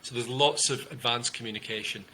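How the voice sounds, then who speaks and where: A man, a communication coach, explaining ideas in an interview and demonstrating tone with loud and soft delivery and long pauses. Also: mid-range voice, fairly even intonation, a little hiss or hum, poor audio. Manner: demonstrative, shifts loudness and uses long pauses to show tonality.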